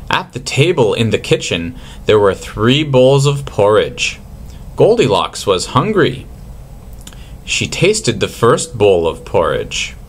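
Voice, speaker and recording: A man reads a children's story aloud at an unhurried pace. His voice rises and falls in a lively way, and the tone stays gentle and expressive. There is a faint hiss behind him. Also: medium pitch.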